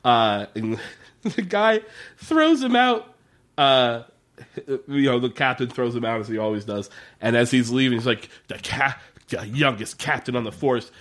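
A man's voice: medium pitch, expressive, a little slow, a bit bright. A man in casual podcast chat, recapping a TV episode with lots of swearing and laughter, acting out the characters' lines. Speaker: podcast co-host.

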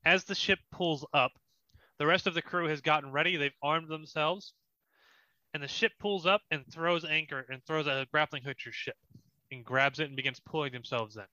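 A man's voice: on the high side, normal speed, sharp tone, no echo, highs cut off. A young man narrating as dungeon master of a tabletop game, in a casual, descriptive way. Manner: descriptive, laughs often, casual.

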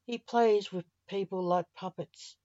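A woman reading the lines of a grieving widowed man who is king of the grim reapers, in a slow, even storybook manner. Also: mid-range voice, no room sound, close to an everyday voice. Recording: dull lo-fi dry recording.

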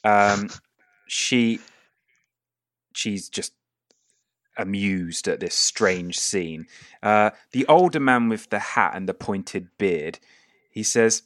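A man narrating a tabletop game as game master in a relaxed, halting way. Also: lowish voice, no echo, studio quality.

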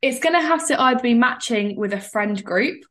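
A young woman co-hosting a casual podcast chat, animated and excitable, often breaking into laughter. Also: fairly high pitch, normal speed. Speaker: podcast co-host.

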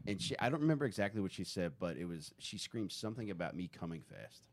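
A man guesting on a podcast, telling a personal story in a calm, matter-of-fact way. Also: sits low, fast. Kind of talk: casual storytelling.

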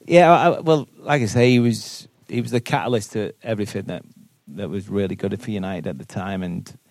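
A man's voice: fairly low pitch, normal speed, darkish tone, dry recording. A man, a football manager answering questions earnestly at a live podcast, often repeating words as he thinks aloud. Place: boardroom with live audience.

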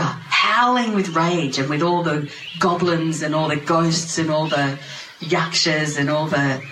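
A storyteller recounting a sacred tale to a gathering with wry, animated asides. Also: mid-range voice. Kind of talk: lively spiritual storytelling to a group. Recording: roomy, noisy ambience.

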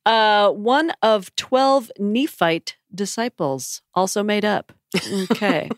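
A woman's voice: medium pitch, takes it slowly, dry recording, clean studio sound. Giggly chatty woman co-host. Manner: giggly, chatty, reads out supporter names. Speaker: podcast co-host. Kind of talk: casual chat.

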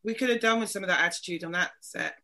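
Bright woman, halting and searching. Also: medium pitch. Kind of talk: casual podcast chat.

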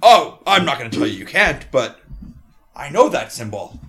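A man's voice: fairly high pitch, sing-song, normal speed, sharp tone. A man voicing a cheery, hearty old male dwarf who works as a judge, talking in a jovial, folksy way.

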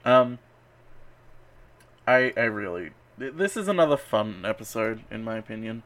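A man's voice: on the low side, expressive, normal speed, fairly bright tone. A man hosting a casual podcast, teasing his co-host and pedantically correcting details with trivia.

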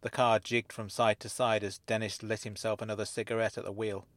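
A man narrating a first-person mystery story in an even storytelling manner. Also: fairly low pitch, fairly quick, no echo.

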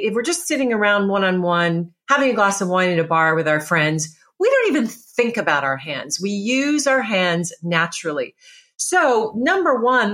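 A woman's voice: mid-range voice, a bit bright. A middle-aged woman, a presentation coach, giving emphatic, instructive advice step by step in an interview. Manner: emphatic, instructive, lists steps.

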